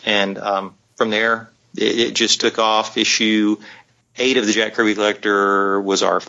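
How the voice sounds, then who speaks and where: A man's voice: lowish voice, level tone, unhurried, bright, forceful tone. Rambling man on a dull lo-fi line. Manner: rambling, many fillers and restarts. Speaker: guest, publisher. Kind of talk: casual storytelling on a podcast. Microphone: on the phone line. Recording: dull lo-fi sound.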